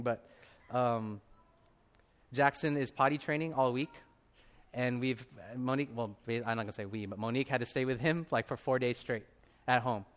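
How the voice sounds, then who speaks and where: Delivering a sermon, a pastor in his thirties shares a personal story in a mid-range voice, animated throughout and performing the characters' voices.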